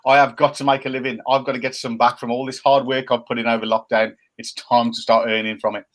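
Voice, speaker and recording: A middle-aged man, co-hosting a casual chat show from home and given to animated, jokey rants. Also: mid-range voice, fast. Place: home room by a window. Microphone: laptop camera.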